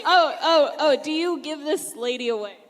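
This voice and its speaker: A woman's voice: sits high, normal speed, pitched above the performer's own voice, lightly acted. A woman voicing a fussy, sentimental mock wedding officiant in a hammy, sing-song manner with Yiddish words, on a live hall stage. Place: convention ballroom stage. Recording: live hall with reverb, crowd noise.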